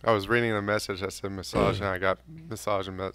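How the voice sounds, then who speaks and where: A man's voice: on the low side, little pitch movement, fast talker, creaky, a bit bright, smooth. Man reading out stream chat. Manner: teasing, reads chat comments aloud. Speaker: co-host reading viewer chat. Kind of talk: casual banter on a live stream.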